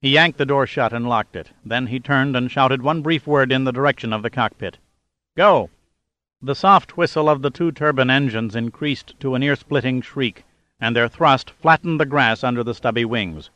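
A man narrating a thriller audiobook in a steady dramatic reading. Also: medium pitch, normal speed, no echo, dull audio. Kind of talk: scripted narration.

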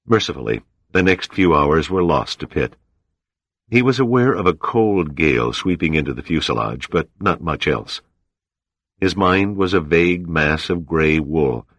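Reading a novel aloud, a man with a remarkably deep voice keeps his audiobook narration steady and measured. The scripted reading is captured close-miked and dry, with zero room sound.

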